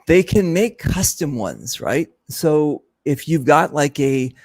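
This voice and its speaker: A man hosting an informal conversation at an event booth, telling a story with lots of energy and acting out what others said. His voice sits a little high, and the sound is dry and close. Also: slow pace, no echo. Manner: animated storyteller, mimics others in his stories. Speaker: host. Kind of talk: casual chat.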